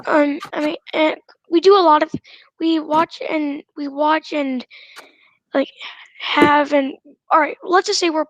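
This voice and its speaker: A woman speaking in class as a student, telling a story hesitantly with many pauses and restarts. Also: high-pitched, no echo, rough recording.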